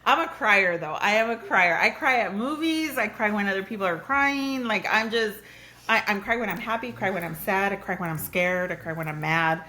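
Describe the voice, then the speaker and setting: At a moderate pace and medium pitch, this podcast host talks candidly in a relaxed chat. Her storytelling is lively, and she breaks into laughter frequently.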